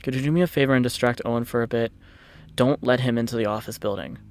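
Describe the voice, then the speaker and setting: A man voicing a curt, secretive young man in a story game, speaking low and hushed. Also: fast talker, close to an everyday voice.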